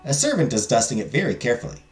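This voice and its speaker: A man streaming a story game, reading its narration and chatting in an animated, rambling, self-deprecating way. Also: medium pitch, racing, roomy sound, soft background music. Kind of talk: casual game commentary and narration.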